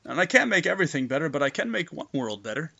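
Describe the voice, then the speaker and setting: A man voicing a weary, reflective man who speaks with quiet resignation. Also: on the high side, sing-song, fast, gravelly, lo-fi sound, exaggerated voice. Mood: resigned.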